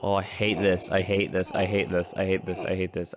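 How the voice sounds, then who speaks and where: A man's voice: low-pitched, level tone, brisk, crowd noise. A young man playing a scary video game, frightened and jittery, often repeating his pleas. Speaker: gamer streamer. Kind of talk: let's play commentary.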